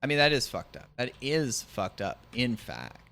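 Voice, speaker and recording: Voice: medium pitch, big pitch swings, moderate pace, fairly bright tone. A streamer chatting casually during a speedrun, swearing now and then and breaking into joking song. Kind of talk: casual chat while speedrunning. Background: game music.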